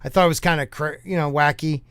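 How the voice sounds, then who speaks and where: A man with a fairly high, clean voice hosts a casual podcast, cracking jokes and stumbling over words as he reads old newspaper clippings aloud. The sound is dry and close. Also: fairly even intonation, fast, a bit bright, clear, resonant tone, dry recording. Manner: joking, stumbles over words while reading. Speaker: podcast host.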